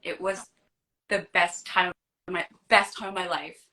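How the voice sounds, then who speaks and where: A giggly woman guest talks candidly in a casual live-stream chat, with a bright, forward tone. She laughs easily at herself, speaking over a phone or computer mic. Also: on the low side, steady tone, measured pace, rough recording. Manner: giggly, candid and self-deprecating. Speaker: guest artist.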